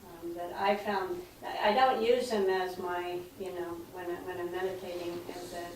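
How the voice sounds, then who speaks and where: A woman at a seminar shares a personal story in a soft, hesitant, reflective way. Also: fairly low pitch, fairly even intonation, moderate pace, very echoey, far from the mic, slight background noise, rough recording. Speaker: seminar participant. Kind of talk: personal sharing.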